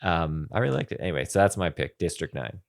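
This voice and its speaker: A man co-hosting a podcast in casual chat, often pausing and restarting his sentences. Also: low voice, very animated, creaky. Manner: halting, lots of ums and restarts. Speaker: podcast co-host.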